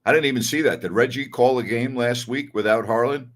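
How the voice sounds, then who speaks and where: A man hosting a sports talk show delivers blunt, opinionated commentary in a casual, conversational manner, full of fillers and self-corrections. He repeats points for emphasis and takes back his own harsh words. His voice is medium-pitched, brisk, and a bit bright.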